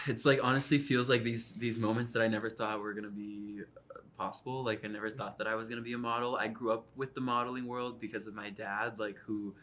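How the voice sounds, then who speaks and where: Young man, low voice, casual interview, chatty, fillers like "like". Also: fairly even intonation, brisk, a bit bright, a little hiss or hum. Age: young adult. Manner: chatty, leans on "like" and "you know". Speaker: reality series cast member, model.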